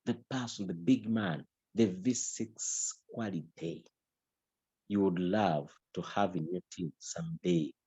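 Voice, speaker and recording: A man's voice: low voice, takes it slowly, warm tone, husky, dry recording, low-quality recording. Emphatic male trainer. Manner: emphatic, repetitive, mixes in local language. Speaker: business trainer. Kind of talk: motivational training talk.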